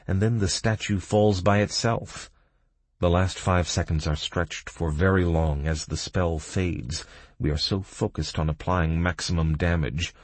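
A man with a deep, husky voice reads a first-person fantasy game audiobook. He tells the battle at a steady pace, and his dry, close sound has no room around it. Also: dry recording. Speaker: audiobook narrator.

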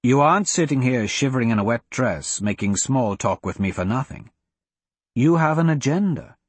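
A man reading an audiobook, voicing an ancient, cryptic male wizard who speaks in a measured, grave and blunt way. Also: medium pitch, lively intonation, slightly rough, no echo. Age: older.

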